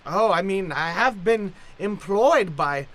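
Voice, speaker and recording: A woman's voice: mid-range voice, animated, slow pace. A woman playing a plain-spoken longtime maid in an improvised old-time radio play, using countrified grammar. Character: folksy longtime female maid of a manor.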